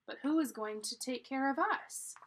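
A woman's voice: sits high, moderate pace, pitched above the performer's own voice. A woman reading a storybook aloud and voicing a cautious, worried young boy. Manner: anxious and fretful.

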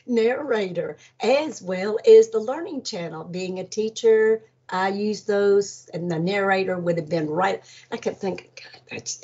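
A woman in her seventies, an energy healer, telling an animated story and acting out other people's voices, with frequent laughs. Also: mid-range voice, slightly rough. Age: 70s. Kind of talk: storytelling about a near-death experience. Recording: dull lo-fi audio.

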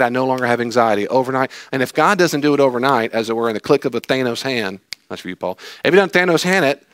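A male pastor giving a lively sermon, telling stories and acting out voices with jokes. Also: medium pitch, no echo, studio quality. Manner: animated, jokey storytelling with acted-out voices.

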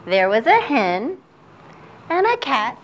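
A woman telling a folk tale to children, with expressive, sing-song, drawn-out phrasing. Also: fairly high pitch. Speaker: children's storyteller. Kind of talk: storytelling for children.

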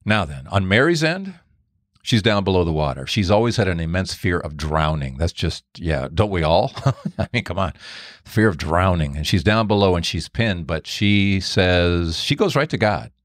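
A man hosting a faith podcast, telling a story in an animated way and jumping up in pitch for the voices he quotes. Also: moderate pace, no room sound, clean studio sound. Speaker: podcast host. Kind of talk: storytelling monologue.

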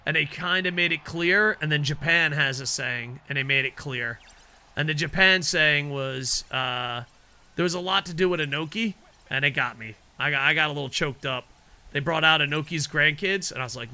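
A man streaming a wrestling video game, chatting casually with his audience and reacting loudly to the matches, swearing now and then. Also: on the high side, moderate pace, clear, resonant tone. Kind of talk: casual chat over gameplay.

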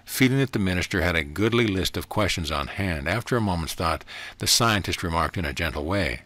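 A man reading a spiritual book aloud in a measured, even narration. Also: sits low, dry recording. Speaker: audiobook reader. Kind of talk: scripted narration.

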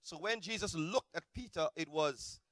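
A man preaching a sermon as a pastor, animated, swinging between shouted peaks and low, quiet asides. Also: moderate pace, no echo.

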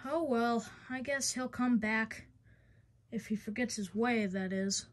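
A woman's voice: a little high, unhurried, lightly acted. A woman voicing a fretful, dutiful male shunting engine.

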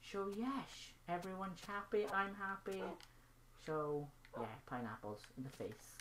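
A young woman who hosts a gaming channel chats casually over a game in her vlog, rambling and being silly and playful as she plays. Her voice is lowish and a little slow.

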